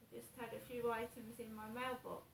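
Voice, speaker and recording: A woman, rambling through a slow, repetitive story about her morning while she vlogs in her flat. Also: a little high, vocal fry, roomy sound, far from the mic, a little hiss or hum, poor audio. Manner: slow, repetitive, anxious retelling. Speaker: vlogger.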